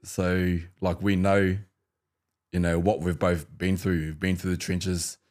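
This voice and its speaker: A man's voice: deep voice, unhurried. A former fighter from New Zealand, a man telling fight stories in a casual interview, acting out banter with laughter. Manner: animated storyteller, acts out fight banter and laughs. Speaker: former UFC fighter, guest.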